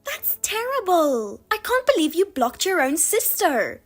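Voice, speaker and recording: A woman's voice: extremely high pitch, big pitch swings, measured pace, faint music behind, pitched above the performer's own voice, exaggerated voice. A woman voicing a smug, spiteful younger sister in a story reading, taunting and gloating. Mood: teasing. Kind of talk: audio drama reading.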